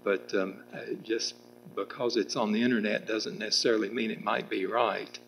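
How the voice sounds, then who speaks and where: Low gravelly man speaking at a debate. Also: fairly even intonation, moderate pace, fairly bright tone, slight background noise, rough recording. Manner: rambling, frequent restarts and fillers. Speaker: political candidate in a debate. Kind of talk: public debate answer. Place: public meeting room with audience.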